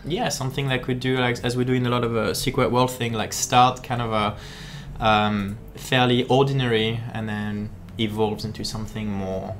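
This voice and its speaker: Playing on a live stream, a game designer gives chatty, jokey, halting commentary full of fillers and repeated words. His voice is medium-pitched and level, with slight background noise.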